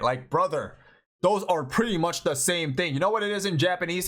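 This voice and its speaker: A young man from Thailand, a native Thai speaker, giving casual, animated opinions in a vlog, exasperated and chatty with lots of "like" and "bro". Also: a little high, a little fast. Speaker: anime commentary vlogger.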